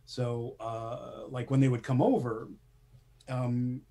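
A man who is a screenwriter, speaking as a guest in a casual interview and telling lively stories with acted-out quotes and frequent laughter. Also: medium pitch, slow. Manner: animated storyteller, acts out quotes, laughs often.

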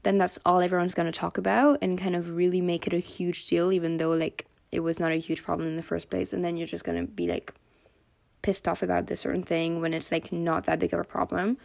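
A young woman hosting a solo podcast, chatting casually with lots of fillers and animated quoting of others. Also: fairly low pitch, a little fast, vocal fry. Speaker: podcast host.

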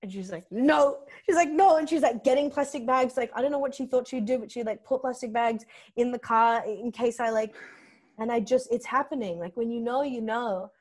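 Young Australian female comedian, candid storytelling, animated delivery with acted-out quotes. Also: on the high side, brisk. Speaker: podcast guest, comedian.

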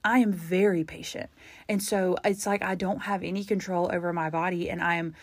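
A woman's voice: fairly low pitch, fairly even intonation, brisk, slightly rough, dry recording. A young adult woman hosting a solo podcast, talking openly and confessionally, rambling with fillers and close to tears. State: holding back tears. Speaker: podcast host. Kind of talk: candid solo podcast monologue.

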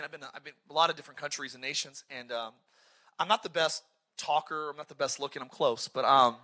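A man preaching a sermon as a pastor, telling stories in an energetic, joking and self-deprecating way. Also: fairly high pitch. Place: church.

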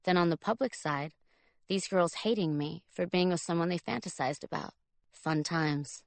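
A woman's voice: on the low side, moderate pace, gravelly, dry recording. A woman from Italy reading her own memoir aloud in a dry, wry first-person storytelling manner. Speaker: memoir reader. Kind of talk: audiobook narration.

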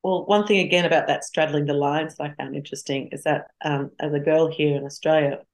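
A woman's voice: low voice, fairly even intonation, a little fast. A woman being interviewed as a guest, telling stories from her own life in a reflective way. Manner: reflective storytelling. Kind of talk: conversational interview.

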